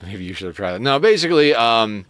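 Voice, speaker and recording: A man's voice: medium pitch, big pitch swings, fast, a bit bright, dry recording. A man streaming a strategy game, chatting casually, swearing freely and drifting into self-amused stories. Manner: rambling, profane, self-amused storytelling. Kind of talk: casual live-stream gaming commentary.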